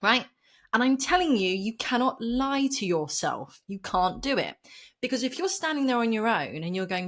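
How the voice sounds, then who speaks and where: A woman's voice: mid-range voice, expressive, normal speed, fairly bright tone. A woman, a property and mindset coach, talks passionately as a podcast guest, laughing and getting worked up as she makes her point. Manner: impassioned, emphatic, laughs often. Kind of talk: animated podcast conversation.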